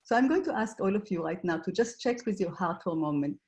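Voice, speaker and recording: A woman who grew up in Israel, gently guiding a reflection exercise in an online workshop, with frequent pauses and fillers. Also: mid-range voice, animated. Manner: gentle, hesitant, many fillers. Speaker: workshop facilitator.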